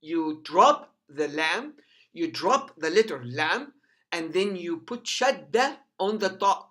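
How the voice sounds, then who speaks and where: A man's voice: high voice, sing-song, takes it slowly, sharp tone. A man teaching a language lesson who patiently models each sound several times. His first language is Arabic.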